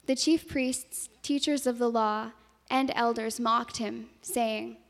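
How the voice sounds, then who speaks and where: A woman slowly reading scripture in a measured way, her voice softening on the quoted words. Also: a little high, steady tone, vocal fry. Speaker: scripture reader. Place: church. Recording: long hall reverb.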